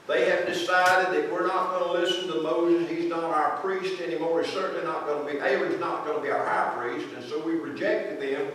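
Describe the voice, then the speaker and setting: Preacher in a booming echoey church. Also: male voice, far from the mic. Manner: folksy, asks the congregation questions. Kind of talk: conversational sermon. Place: large echoey church sanctuary. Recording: very echoey church recording from afar, faint noise.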